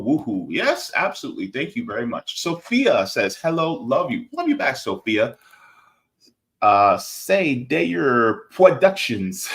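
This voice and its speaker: Reading out comments from his chat, this US-based political livestream host keeps things casual. His sarcastic, animated delivery jumps between shouting and quiet muttering.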